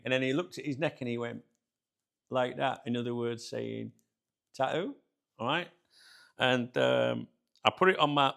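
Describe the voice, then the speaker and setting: A man with a British accent hosting his channel, telling a story casually to viewers, chatty and animated, laughing often. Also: medium pitch, vocal fry. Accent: British English. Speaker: channel host.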